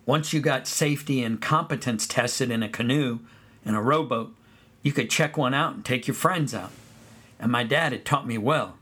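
A man narrating a first-person story of his boyhood at summer camp in a relaxed storytelling way. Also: medium pitch, normal speed, breathy edge. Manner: relaxed storytelling, sings song snippets.

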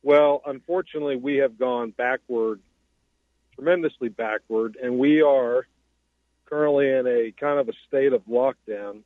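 A man, a sheriff's office major, giving a measured, matter-of-fact update as a guest calling in to a radio show. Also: mid-range voice, dry recording. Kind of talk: phone-in radio interview. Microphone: phone line. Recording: tinny dry phone line.

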